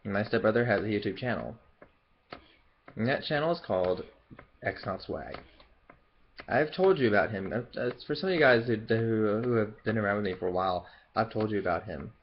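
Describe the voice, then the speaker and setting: A young adult YouTuber from Memphis, in the Southern US, rambles through a casual Q&A vlog with no regional accent, full of fillers and restarts. His lowish voice is brisk with lively intonation, and the muffled recording carries a bit of hiss or hum.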